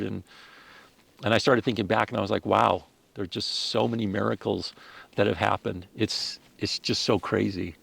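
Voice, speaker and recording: A man with a deeply gravelly, fry-laden voice recounts a personal story as a podcast guest. He speaks earnestly and with feeling, stumbling and restarting his sentences as he goes. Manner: earnest, emotional, with frequent restarts.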